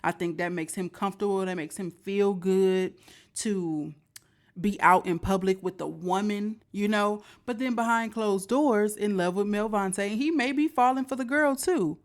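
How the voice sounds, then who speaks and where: A woman's voice: medium pitch, normal speed. A woman hosting a reaction video, commenting casually and asking viewers what they think. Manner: chatty, asks viewers questions. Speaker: reaction host.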